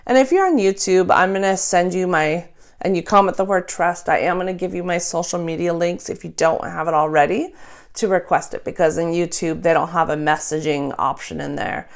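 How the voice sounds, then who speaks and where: A young adult woman and nurse, calmly teaching a gentle sleep routine in a soft voice, speaking close to a microphone. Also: fairly low pitch, brisk, creaky. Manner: calm, soft-spoken, drops to a whisper in breathing exercise.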